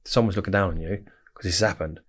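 A man with an Essex accent telling stories as a podcast guest, animated and full of swearing. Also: sits low. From England. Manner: fast, animated storytelling with heavy swearing. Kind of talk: storytelling interview.

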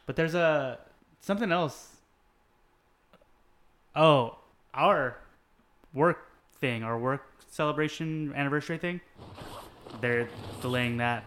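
A man's voice: a little high, takes it slowly, long pauses, fairly bright tone, a little hiss or hum. A man in casual chat with friends, swearing freely, joking around and laughing often. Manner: profane, jokey, laughs often.

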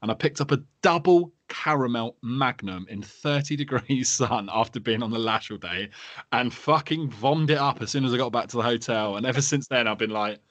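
Sweary laddish bloke hosting. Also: male voice, mid-range voice, moderate pace, a bit bright, dry recording. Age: 30s. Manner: laddish, sweary, laughing storyteller. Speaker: podcast host. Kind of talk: casual podcast banter.

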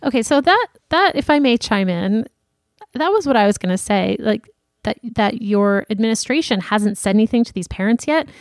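A woman's voice: fairly high pitch, expressive, no room sound, studio quality. A woman co-hosting a casual advice podcast, chatty and encouraging. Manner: chatty, encouraging, quick to laugh. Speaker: podcast co-host.

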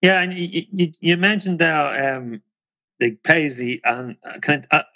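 Gravelly man hosting. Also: a little high, fairly even intonation, sharp tone. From Northern Ireland. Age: 50s. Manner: halting, repeats words. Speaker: podcast host. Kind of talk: interviewing.

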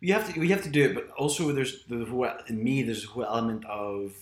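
A man's voice: medium pitch, fast talker. A man in casual conversation, giving advice about work and telling his own office story. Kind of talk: casual chat. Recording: roomy echo.

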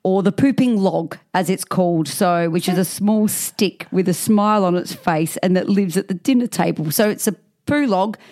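A woman, co-hosting a podcast in casual chat, who reads out odd facts with relish and deadpan punchlines. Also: medium pitch, normal speed, few pauses. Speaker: podcast co-host.

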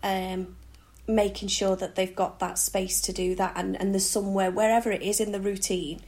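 A woman's voice: medium pitch, flat delivery, normal speed, a little mellow. A woman guest on a podcast interview who talks hesitantly, with many fillers and tag questions. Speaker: podcast guest, reading charity founder. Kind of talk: conversational interview.

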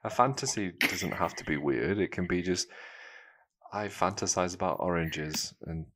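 A man with a very deep voice hosts a casual podcast chat. He rambles, teases and drifts off on tangents, loose and playful. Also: moderate pace, a bit bright, slight background noise. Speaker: podcast host.

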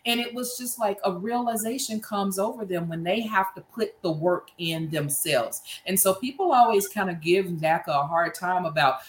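A woman's voice: medium pitch, normal speed, few pauses, roomy sound, slight background noise. A woman hosting a podcast with a Southern US accent, talking enthusiastically and repeating phrases for emphasis. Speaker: podcast host. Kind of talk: casual chat.

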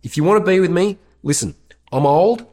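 Guy doing a gruff old dude stuck in his ways, bossy, pitched up a bit. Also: animated, a little fast, darkish tone. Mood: gruff blunt. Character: blunt, set-in-his-ways older man laying down rules.

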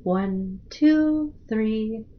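A woman voicing a soft, feminine, pre-recorded machine voice. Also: a little high, expressive, extremely slow, muffled recording.

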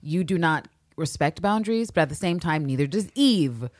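A woman co-hosting a podcast in casual chat, animated and swearing freely as she acts out characters' lines. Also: lowish voice, moderate pace, no room sound, clean studio sound. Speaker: podcast co-host.

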